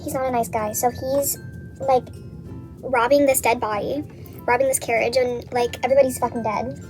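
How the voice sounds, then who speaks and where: A woman's voice: on the high side, fairly even intonation, moderate pace, faint music behind. A young woman vlogger casually retelling a story from memory while getting ready, rambling, swearing a lot and saying "like" constantly.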